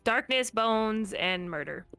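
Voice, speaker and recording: A woman's voice: on the high side, expressive, takes it slowly, gravelly, pushed and bright, clean tone, soft background music. A woman player chatting casually and playfully at a tabletop game.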